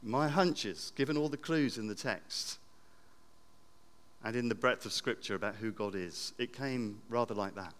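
A man's voice: on the low side, normal speed. Reflective man preaching in a reverberant church. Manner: reflective, with repeated phrases and wide swings from loud to hushed. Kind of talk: sermon.

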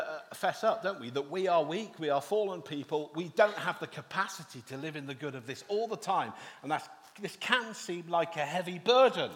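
Pastor preaching in a reverberant hall. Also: male voice, a little high, a bit bright. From England. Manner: wry asides and self-deprecating humour. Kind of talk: sermon.

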